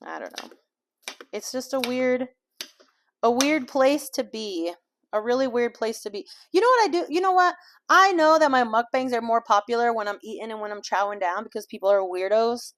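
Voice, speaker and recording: A woman's voice: on the high side, normal speed. Rambling woman chatting while cooking. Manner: rambling, full of fillers and swearing. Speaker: vlogger and life coach. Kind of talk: candid casual chat while cooking. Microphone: small clip-on mic.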